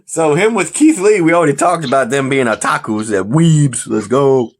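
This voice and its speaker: A man's voice: mid-range voice, moderate pace. A man hosting a casual podcast chat, rambling, joking and tripping over his words. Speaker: podcast host.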